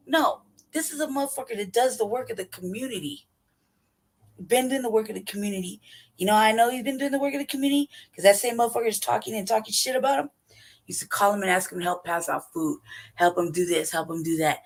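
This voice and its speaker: A woman's voice: medium pitch, fast, vocal fry. A woman hosting a commentary show, talking over a clip in a blunt, heated way and swearing heavily. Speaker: news commentary host.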